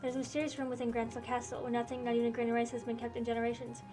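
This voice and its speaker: A woman reading the lines of a solemn, gentle older queen, with stately and formal speech. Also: on the high side, level tone, very fast, music in the background, close to an everyday voice. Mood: grave. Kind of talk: reading game dialogue aloud.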